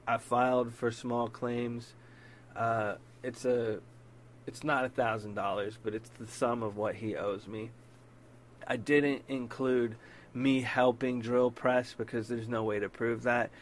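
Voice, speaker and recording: His voice is mid-range with little pitch movement and a slightly slow pace, with a little hiss or hum in the background. Hosting a laid-back storytelling podcast, he gives a blunt, profanity-laced account of a dispute, raising his voice when quoting what he said in the arguments.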